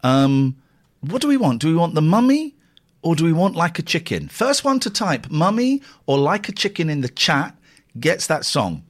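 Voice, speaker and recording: A man hosts a live radio show in loose, casual chat. His pitch moves a lot, and he rambles and jokes, jumping from excited bursts to low mutters. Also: moderate pace. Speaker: radio host.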